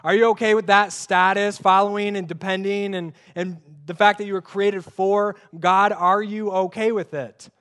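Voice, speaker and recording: High-voiced young male pastor preaching. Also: steady tone, normal speed, hardly any pauses, fairly bright tone, smooth. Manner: conversational, emphatic preaching with rhetorical questions. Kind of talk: sermon.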